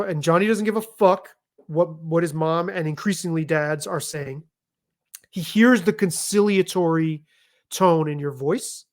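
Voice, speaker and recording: A middle-aged man telling stories in a casual chat, animated, emphatic and liberal with swearing. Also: fairly high pitch, measured pace. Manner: animated, profane, emphatic storytelling. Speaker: podcast guest.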